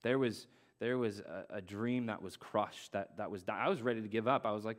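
A man's voice: lowish voice, fairly quick. Young man preaching an earnest sermon. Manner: earnest, repeats key phrases, casual slang. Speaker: pastor.

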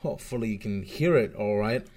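A man streaming and reacting to clips, swearing and mocking, swinging from mutters to loud outbursts. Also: on the low side, fairly quick, heavy background noise. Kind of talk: casual profane commentary. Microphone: webcam setup microphone.

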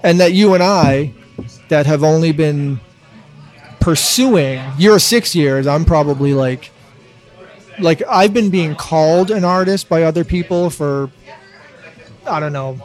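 A man's voice: on the high side, measured pace, long pauses, darkish tone, faint music behind. A man in casual podcast chat who teases his co-host, swears casually and asks probing questions.

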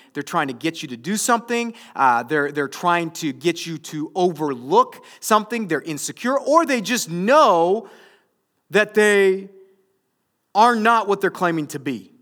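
A male pastor in his thirties preaching a conversational, jokey sermon that builds to loud, emphatic stretches. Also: a little high. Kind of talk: sermon to a young adult group.

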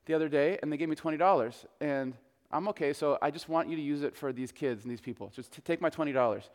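A man's voice: quick pace, close to an everyday voice. A man voicing a cheerful, generous old man in his seventies, in a large reverberant hall. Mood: earnest. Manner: booming catchphrase greeting.

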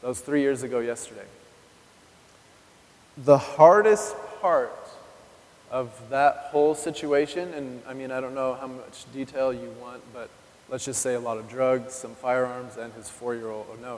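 A man's voice: medium pitch, fairly even intonation, moderate pace, darkish tone, a little hiss or hum. Male preacher, 30s, candid testimony delivered conversationally to the congregation; live recording in a reverberant hall. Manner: candid, conversational, addresses the audience directly. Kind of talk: personal testimony sermon. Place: church hall.

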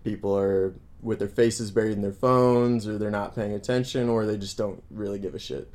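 A man from the United States co-hosting a podcast, talking in a relaxed, conversational way and explaining things plainly. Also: lowish voice, moderate pace. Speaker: podcast co-host. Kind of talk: casual chat. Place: Santiago, Chile.

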